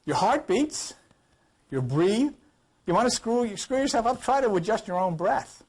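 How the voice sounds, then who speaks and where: A man's voice: high voice, big pitch swings, normal speed, breathy edge. A man teaching an informal Bible study class, emphatic and full of rhetorical questions, coughing now and then.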